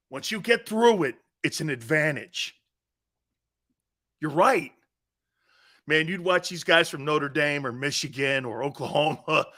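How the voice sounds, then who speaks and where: A man from the Northeastern US hosting a sports talk show, telling profane, animated stories and laughing at his own jokes. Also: fairly high pitch.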